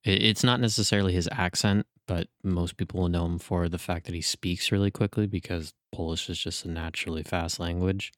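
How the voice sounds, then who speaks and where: A man chatting as a podcast co-host, speaking in a measured way and explaining at length. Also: sits low, steady tone, a bit bright, no room sound, studio quality. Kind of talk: casual chat.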